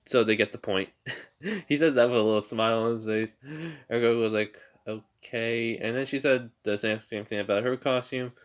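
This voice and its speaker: A man casually retelling his own fan-made story, rambling and halting with lots of fillers and restarts. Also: medium pitch, steady tone, clear, resonant tone.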